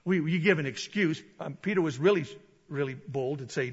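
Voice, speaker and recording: A man preaching a sermon in an animated way, acting out voices and rising to loud shouted peaks. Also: fairly high pitch, brisk, slightly rough, long reverb tail, highs cut off.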